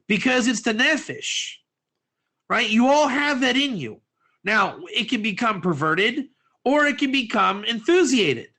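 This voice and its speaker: A man teaching a lively class, acting out little scenes and asking his listeners questions. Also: extremely high pitch, a little slow. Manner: animated, acts out quotes, asks audience questions. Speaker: Torah teacher.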